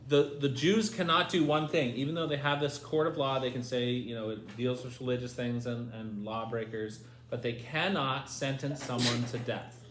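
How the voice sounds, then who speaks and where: A man's voice: mid-range voice, fairly even intonation, normal speed, a bit bright. A man leading a Bible study lesson, asking his group questions and reading scripture aloud. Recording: echoey room with faint noise.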